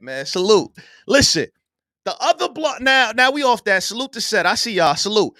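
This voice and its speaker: A man hosting a live online show, ranting loudly and profanely with bursts of yelling. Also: high voice, moderate pace, no echo, clean studio sound. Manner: loud, profane, animated, yelling at times. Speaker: podcast host. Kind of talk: heated live-stream rant.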